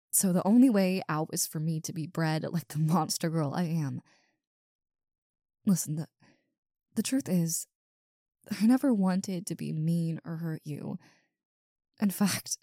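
Lady doing a big tough wolf girl, low-ish voice, slow, stammery and sweary, dry close sound. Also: warm tone, no echo. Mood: embarrassed. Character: big muscular wolf monster girl, gruff yet flustered. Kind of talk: audio role-play.

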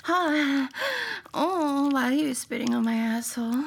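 High, breathy woman in erotic role-play. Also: a little slow. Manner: breathy, moaning, pleading. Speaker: erotic audio performer.

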